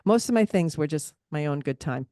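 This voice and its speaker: Podcast co-host, woman, low register, animated storyteller who laughs easily, dry close recording. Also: normal speed, no echo. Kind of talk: casual chat.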